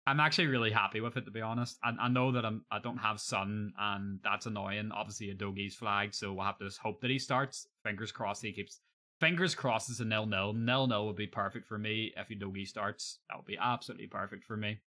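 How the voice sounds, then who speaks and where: A man's voice: on the low side, fairly even intonation, a little fast, bright, forceful tone. A young man chatting casually on a live stream, joking and swearing freely.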